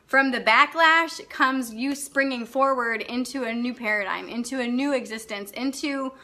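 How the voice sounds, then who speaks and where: Blunt, high-voiced woman coach. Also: normal speed, sharp tone. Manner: blunt and outspoken, swears freely, laughs often. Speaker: life coach hosting a live class. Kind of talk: unscripted live-stream talk answering viewer comments.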